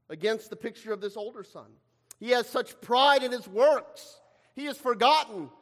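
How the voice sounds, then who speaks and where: Guy preaching, really high voice, big echoey hall, dramatic, acts out the quotes. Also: a bit bright. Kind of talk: sermon. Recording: long reverb of a hall.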